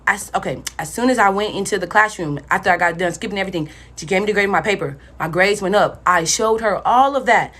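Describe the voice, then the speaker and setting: A woman's voice: medium pitch, fast, few pauses, fairly bright tone. A young woman telling a personal story in a casual storytime vlog, blunt and profane, talking straight to her viewers.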